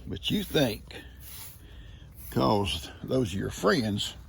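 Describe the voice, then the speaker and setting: Gravelly man teasing his farm animals. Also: mid-range voice, sing-song, drawn-out words, fairly bright tone, slight background noise. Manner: teasing, chuckling, playful. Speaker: farm video host. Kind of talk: casual talk to his animals. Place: outdoors on a farm.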